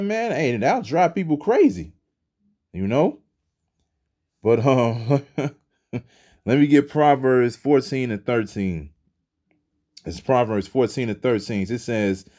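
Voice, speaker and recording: A man's voice: medium pitch, dark tone. A man giving a loose, conversational religious talk, dropping "man" into nearly every sentence. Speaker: religious commentator. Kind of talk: casual preaching monologue.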